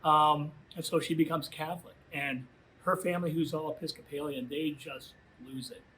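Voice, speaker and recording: A man giving a youth minister's storytelling talk to high school students, conversational and full of filler phrases. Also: fairly even intonation, moderate pace, fairly bright tone, slight background noise, rough recording.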